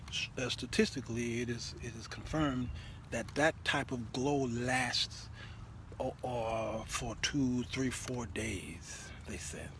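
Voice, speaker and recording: A middle-aged man hosting a talk show, telling stories in an animated, laughing way and often repeating himself. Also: mid-range voice, background noise. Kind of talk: comedic storytelling monologue.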